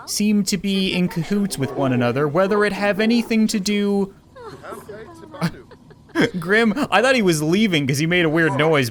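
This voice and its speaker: A young man giving comedic, excitable commentary on a life-sim game, often laughing and exclaiming. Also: high-pitched. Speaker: gaming YouTuber.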